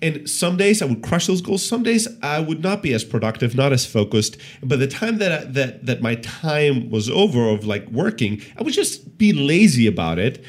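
A man co-hosting a casual business podcast, telling stories with lively acted-out quotes. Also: medium pitch, normal speed, few pauses. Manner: animated storyteller, acts out quotes. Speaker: podcast co-host.

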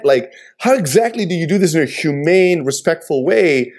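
A man with a slightly higher voice speaking earnestly about his hardest days as an entrepreneur. He talks in a reflective, conversational way. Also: a little fast, few pauses, darkish tone.

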